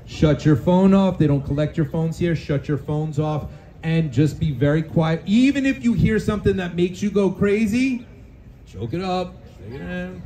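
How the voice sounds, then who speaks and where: A man's voice: sits high, expressive, normal speed, dark tone. A man organizing a rally, urgently repeating instructions to the crowd outdoors. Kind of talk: addressing a crowd.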